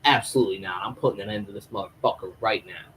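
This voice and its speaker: A man's voice: lowish voice, fast, fairly bright tone, slight background noise, close to an everyday voice, poor audio. A grim old servant at the end of his patience, blunt and foul-mouthed, as a man puts him on while retelling a scene. The voice stays close to an ordinary man's talk, only a touch raised. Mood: furious. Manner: blunt, profane.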